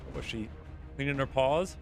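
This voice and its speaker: A man streaming a game, chatting casually and playfully, rambling and jumping into high exclamations. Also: animated, normal speed, a little mellow, soft background music. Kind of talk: casual live-stream gameplay commentary.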